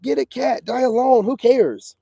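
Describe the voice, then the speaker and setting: A man putting on a mocking, high-pitched imitation of a dismissive woman posting online. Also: measured pace, creaky, dark tone, slightly rough, dry recording, full character voice. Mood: scornful.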